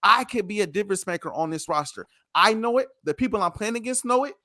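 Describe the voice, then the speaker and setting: A man's voice: sits high, quick pace, pushed and bright, no room sound, studio quality. A man co-hosting a sports podcast, ranting passionately and repeating himself for emphasis in a heated debate.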